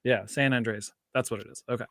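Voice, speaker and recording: A man's voice: mid-range voice, steady tone, fairly quick, gravelly, fairly bright tone, no room sound, studio quality. A man chatting casually online in an easygoing, rambling way. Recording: home mic, faint noise, dog nearby.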